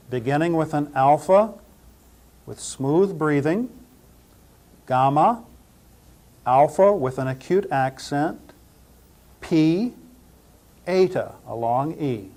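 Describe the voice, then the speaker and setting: A man gives a slow, methodical pronunciation lesson in a somewhat high voice. He names each letter in turn and says every word several times so a listener can follow. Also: expressive, darkish tone. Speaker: Greek teacher.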